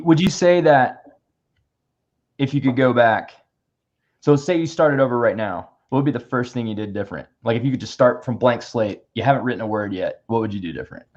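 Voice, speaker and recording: Jokey host on a dull-sounding call. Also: male voice, medium pitch, normal speed, pauses often, a little mellow. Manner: jokey, playful questioner. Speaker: panel host. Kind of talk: casual video call chat. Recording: slightly dull lo-fi call audio.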